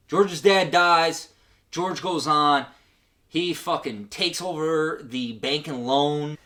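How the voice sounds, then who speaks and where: A man giving a crude, profane comedic recap of an old film, acting out the characters' lines. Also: a little high. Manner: crude, animated retelling with acted-out quotes. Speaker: guest comedian.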